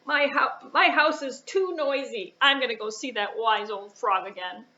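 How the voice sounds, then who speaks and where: A woman's voice: a little high, normal speed, bright, forceful tone, highs cut off. A woman voicing a frazzled husband who complains about his noisy house in a children's puppet show. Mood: exasperated. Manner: exasperated, complaining.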